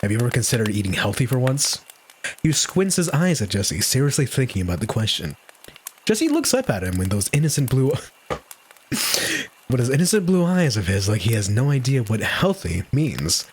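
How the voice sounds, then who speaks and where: A man's voice: medium pitch, sing-song, normal speed, a little mellow, a little hiss or hum. A man streaming a comedic story reading, giggling and breaking into laughter often.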